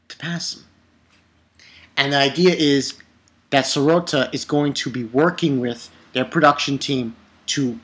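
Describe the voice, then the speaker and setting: A man casually recapping an anime episode, excitable and animated, with the odd curse word. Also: medium pitch. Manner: excitable, animated retelling with swearing. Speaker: anime reviewer.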